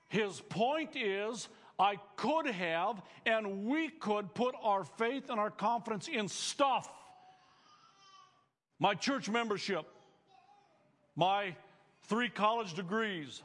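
Male pastor, sermon, earnest emphatic delivery, high voice, long hall reverb. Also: fairly bright tone. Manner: earnest preaching with rising emphatic phrases.

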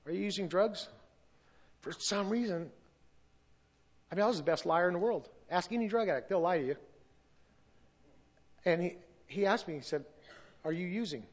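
A middle-aged man tells his own story to a church congregation, earnest and openly emotional. His voice sits a little high for a man. The recording is dull and lo-fi. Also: animated, moderate pace, long pauses. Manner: earnest and emotional, sometimes loses his place. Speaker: church testimony speaker. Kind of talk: personal testimony at a church service.

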